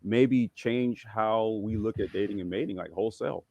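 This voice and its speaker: A man's voice: lowish voice, normal speed, creaky, darkish tone, dry recording. A man guesting on a casual livestream talk show, thinking aloud with many restarts and getting emphatic when pressed. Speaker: podcast guest.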